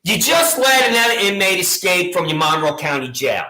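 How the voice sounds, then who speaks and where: A woman's voice: on the low side, big pitch swings, moderate pace, pushed and bright. A woman with a Long Island accent, ranting in a sarcastic, taunting way straight to the camera, repeating her jabs. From Long Island, New York. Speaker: vlogger. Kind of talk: mocking direct-address rant. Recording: echoey room.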